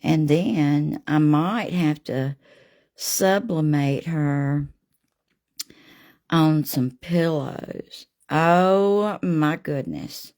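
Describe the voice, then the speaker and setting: A woman hosting a live painting demo, chatting warmly with viewers by name as she works. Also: deep voice, very slow. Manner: homey and gushing, talks to viewers by name.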